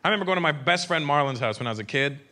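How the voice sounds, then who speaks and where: Brash high-voiced male stand-up comic. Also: animated, rapid-fire, sharp tone. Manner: brash, profane, acts out characters in quotes. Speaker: stand-up comedian. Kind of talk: stand-up comedy set. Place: large theater with a live audience. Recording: live stage recording with crowd noise. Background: audience laughter.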